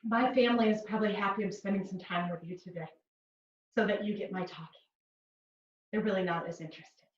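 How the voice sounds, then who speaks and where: A Dutch pilates instructor leads a mat class, counting reps in rhythmic cues and throwing in chatty asides. Her medium-pitched voice is fairly even and fairly quick, with long pauses. The recording sounds roomy, distant and dull.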